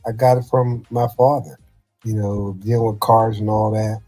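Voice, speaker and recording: A man's voice: fairly low pitch, flat delivery, moderate pace, warm tone, faint music behind. A middle-aged man, a former football coach, telling rambling family anecdotes in casual podcast chat, often saying "you know".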